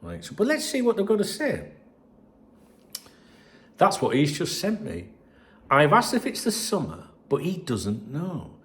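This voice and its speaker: A man's voice: on the high side, wildly swooping pitch, unhurried, long pauses. A man hosting a football channel, reading out messages and chatting to viewers in a sweary, rambling way. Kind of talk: casual solo commentary reading messages.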